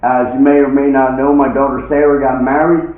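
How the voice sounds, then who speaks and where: A man voicing a big, loud father-in-law who hollers at a crowd. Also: mid-range voice, level tone, brisk, pitched above the performer's own voice, close to an everyday voice. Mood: coaxing. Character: big booming Southern father-in-law, man, middle-aged. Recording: echoey hall, distant phone-like mic.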